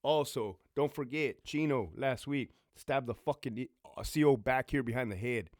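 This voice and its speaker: A man's voice: mid-range voice, normal speed, dry recording, clean studio sound. A middle-aged man, a former prison sergeant and military veteran, giving blunt, profane advice in a storytelling monologue. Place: home.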